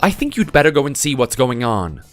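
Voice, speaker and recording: A man's voice: medium pitch, sing-song, brisk, a bit bright, soft background music. A man voicing a concerned family man in a voice-acted text story, asking careful questions.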